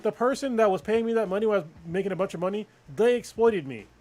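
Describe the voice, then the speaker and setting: Man, high voice, casual podcast chat, profane and fired-up. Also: fast. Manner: profane, animated ranting.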